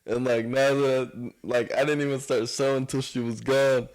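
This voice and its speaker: Young male guest, relaxed rambling storyteller, casual. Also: mid-range voice, moderate pace, poor audio. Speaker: podcast guest, clothing designer. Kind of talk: casual chat.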